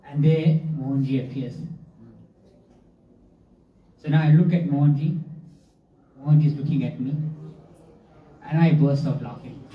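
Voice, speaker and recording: A man's voice: on the high side, steady tone, a little slow, long pauses. A man telling a funny personal story about himself as a devotee, laughing often and mocking himself. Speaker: devotee sharing a testimony. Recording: roomy, distant, dull hall recording.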